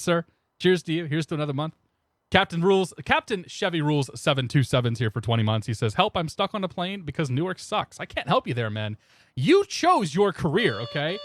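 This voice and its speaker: On a new desk microphone, a young man rambles casually while streaming a flight sim and calls out chat members by name. His voice is on the high side, with no room sound.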